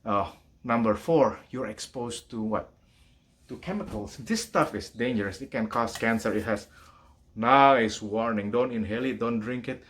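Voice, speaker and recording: A hobbyist car mechanic, a man, talking casually to camera in his home garage, excitable and fond of rhetorical questions. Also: medium pitch, normal speed. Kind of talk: casual vlog talk to camera.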